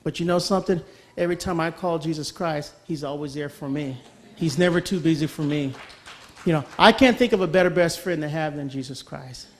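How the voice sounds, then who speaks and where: A man's voice: a little high, brisk, a little hiss or hum. A middle-aged man giving an earnest personal testimony as a guest speaker, often checking in with his audience by asking okay. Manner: earnest, repeats phrases, asks okay.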